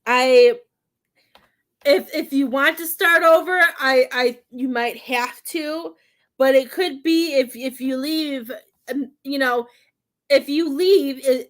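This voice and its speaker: A woman doing a psychic reading from home, with halting, repetitive speech that gives gentle advice. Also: sits high. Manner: halting, repeats words, soothing advice. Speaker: psychic medium. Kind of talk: live-stream spirit reading.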